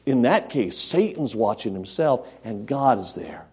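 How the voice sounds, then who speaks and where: A middle-aged man preaching a sermon as pastor, earnest, repeating himself and moving between loud and soft delivery. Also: medium pitch, very animated, a little slow, husky.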